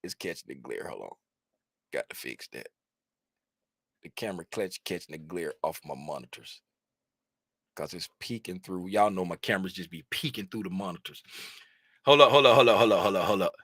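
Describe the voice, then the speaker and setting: Lively, bright-voiced male livestream host. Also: deep voice, normal speed, long pauses, no room sound, clean studio sound. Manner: rambling, animated, gets loud when fired up. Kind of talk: casual livestream chat. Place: home desk with monitors.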